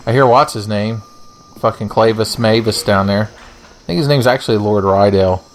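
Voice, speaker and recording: A man's voice: fairly low pitch, moderate pace, slight background noise. A young man giving casual, profane, joking let's-play commentary as he plays a game. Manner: profane, joking, rambling asides. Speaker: gaming channel host.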